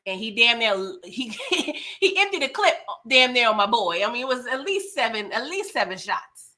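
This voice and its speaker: A woman hosting a casual live-stream TV recap, animated and laughing as she talks back to the characters. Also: fairly high pitch, moderate pace. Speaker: TV recap host.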